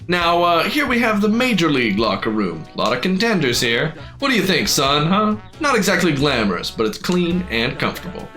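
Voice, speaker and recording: A man's voice: on the high side, sing-song, extremely slow, a bit bright, soft background music, pitched above the performer's own voice, heavily acted. A man voicing a boisterous, folksy old male fighting-club boss in a game, with a drawling country twang.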